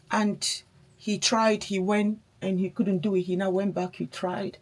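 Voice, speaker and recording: A woman's voice: medium pitch, level tone, unhurried, a little mellow. A woman chatting casually while doing her makeup, a mother talking in a reflective, encouraging way. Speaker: beauty vlogger, mother.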